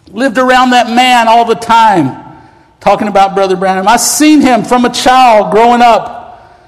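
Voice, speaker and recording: A man with an unusually high voice preaches with fervent emotion at a measured pace, his sermon building toward shouting. A long church-hall reverb hangs on the sound.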